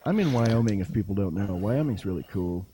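A man's voice: fairly low pitch, animated, a little fast, warm tone, slight background noise. A man joking and rambling in casual banter as a podcast guest, talking over a voice chat call. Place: home in Wyoming. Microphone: online voice chat call.

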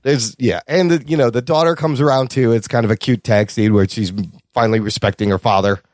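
A man co-hosting a casual movie review podcast, talking excitedly, swearing freely and acting out lines from the film. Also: medium pitch, a little fast, no echo, clean studio sound. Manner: excited, swears a lot, acts out quoted lines. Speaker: podcast co-host.

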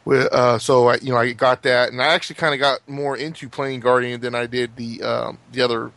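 A man's voice: medium pitch, flat delivery, fairly quick, fairly bright tone. A man chatting casually about video games, rambling with many fillers and restarts. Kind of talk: casual gaming chat.

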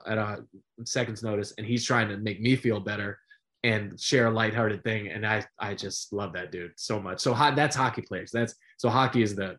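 A middle-aged man, a sportscaster guest, telling stories in a casual interview, animated and full of fillers. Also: on the low side. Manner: animated storyteller with many fillers.

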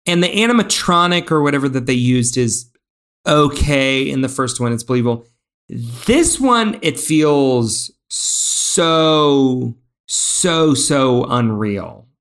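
A man co-hosting a casual film review podcast, animated and heavy on fillers and restarts. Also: mid-range voice, slow pace. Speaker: podcast co-host.

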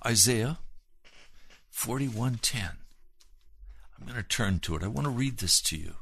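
A man preaching a sermon in an earnest way, moving between hushed and emphatic delivery and slowing down to stress points. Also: medium pitch, lively intonation, creaky, husky.

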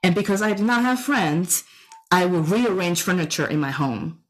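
Woman, middle-aged, personal storytelling, animated, quotes others in lively voices. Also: normal speed, soft background music, poor audio. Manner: animated, acts out dialogue in higher voices. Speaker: speaker telling a personal story.

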